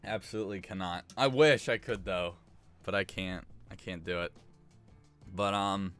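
A man's voice: deep voice, fairly even intonation, moderate pace, a bit bright, clear, resonant tone, faint music behind. A man hosting a gaming video, chatting casually with viewers while he plays. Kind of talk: casual gameplay commentary.

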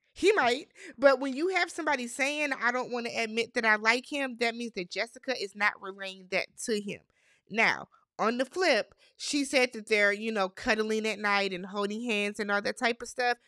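A woman's voice: a little high, sharp tone, no room sound, clean studio sound. A woman hosting a reality TV recap, talking in a chatty, opinionated way with slangy asides. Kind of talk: casual recap commentary.

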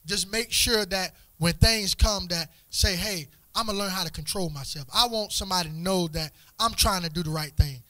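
A man's voice: high voice, bright, forceful tone, no echo. A man teaching young people at church in a casual, playful way, stumbling over repeated words and asking them questions. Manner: repeats words in quick restarts, asks the group questions.

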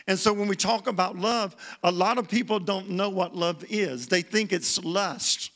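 Man, sermon, guest preacher, high voice, bright tone, repeats for emphasis. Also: moderate pace. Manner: preaching with call-and-response, repeating words for emphasis. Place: church sanctuary.

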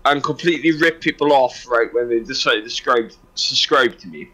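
A man's voice: mid-range voice, fairly quick, bright, forceful tone, slightly rough. A man chatting casually as a podcast co-host, joking and laughing often. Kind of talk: casual banter.

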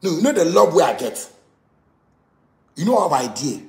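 A man's voice: fairly high pitch, big pitch swings, moderate pace, a little mellow, echoey room. A Ghanaian man in his thirties with a Ghanaian Pidgin English accent, ranting angrily, repeating himself in stammering outbursts. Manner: heated, repetitive, stammering outbursts. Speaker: musician. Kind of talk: angry rant.

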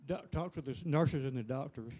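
A man giving a halting, plainspoken personal testimony to a church. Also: mid-range voice, warm tone.

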